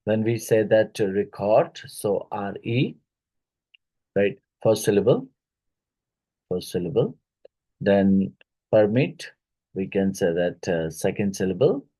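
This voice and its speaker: A man with an Indian English accent teaches an exam-prep phonetics lecture, speaking haltingly with many fillers and slowly repeating words to model their sound. His voice is on the low side and warm, though the recording is rough.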